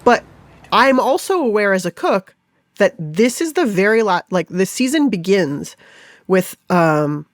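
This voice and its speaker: A woman chef and food writer, guest in a casual interview, talking in an animated way with laughs and acted-out quoted thoughts. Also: medium pitch, measured pace, dry recording.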